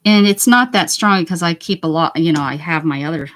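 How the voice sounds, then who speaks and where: Painting on a craft livestream, a woman with a northern US accent chats casually, answers viewer chat, and mutters and whispers little asides to herself. Her voice is lowish with lively intonation, and she speaks fairly quickly.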